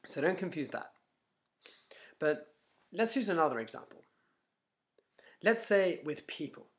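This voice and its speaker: A man's voice: on the high side, unhurried. A man giving a casual motivational talk to camera, telling stories with lots of restarts and acting out inner voices. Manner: animated storyteller, frequent restarts, acts out inner voices. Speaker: self-help vlogger.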